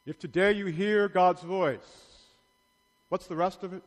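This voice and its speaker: A priest giving a sermon in a large church, playfully asking the congregation questions and bantering with them. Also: male voice, high-pitched, fairly even intonation, measured pace. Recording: long church reverb.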